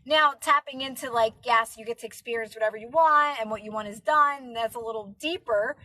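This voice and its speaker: Brief: chatty woman live streamer, high pitch, bright rambling talk. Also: brisk, no room sound, poor audio. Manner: chatty, rambling with many fillers. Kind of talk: casual live stream chat.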